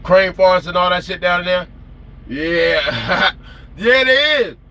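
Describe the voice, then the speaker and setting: On a late-night trucking livestream, this South Carolina man, a trucker vlogger, spins stories in a high, unhurried voice. He's lively and emphatic, full of slang.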